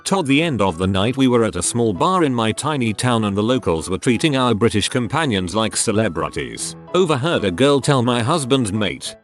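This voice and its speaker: A man narrating online stories in a steady, scripted reading style. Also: medium pitch, fairly quick, few pauses. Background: faint background music.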